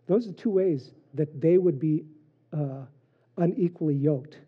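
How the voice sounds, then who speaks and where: A pastor delivers a conversational sermon in a slightly high, husky voice, often pausing on fillers as he teaches. The recording sounds dull and lo-fi. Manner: conversational preaching with frequent fillers and anecdotes.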